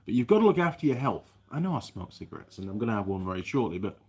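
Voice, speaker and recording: Low-voiced chatty man. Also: big pitch swings, very fast, a little mellow, breathy edge. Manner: chatty and rambling, with many restarts. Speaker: live stream host, mechanic. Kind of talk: casual live chat reading viewer comments.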